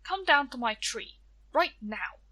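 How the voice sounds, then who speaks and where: Proud old village woman, a touch high, sighing and scolding; a woman reader does her. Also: animated, unhurried, sharp tone, breathy edge, dry recording, exaggerated voice, poor audio.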